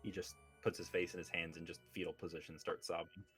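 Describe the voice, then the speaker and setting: Deep-voiced male game master. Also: little pitch movement, fast talker, a bit bright, soft background music. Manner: hesitant, with frequent ums. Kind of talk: narrating a tabletop game.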